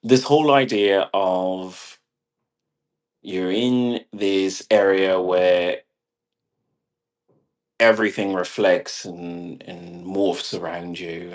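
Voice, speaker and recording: A man rambling casually in a monologue, swearing and laughing at his own jokes. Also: deep voice. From half British. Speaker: vlogger.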